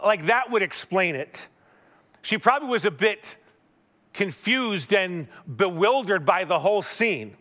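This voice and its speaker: Male pastor, high and bright voice, chatty sermon with lively asides. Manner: animated storytelling, asks the listener questions. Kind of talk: conversational sermon.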